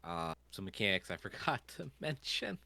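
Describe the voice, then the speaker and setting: Bright-voiced man running a tabletop game. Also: deep voice, sing-song, normal speed, creaky, no echo. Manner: rambling, many fillers. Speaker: game master.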